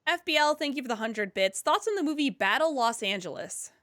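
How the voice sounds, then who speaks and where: A woman's voice: high voice, animated, a bit bright, no echo, studio quality. A woman co-hosting a casual livestream, reading out viewer questions and thanks. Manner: reads out chat messages, quick asides.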